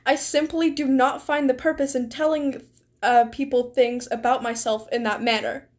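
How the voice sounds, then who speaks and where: High-voiced, sarcastic woman streamer. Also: steady tone, normal speed. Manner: sarcastic, giggly, swears. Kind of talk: casual live-stream chat.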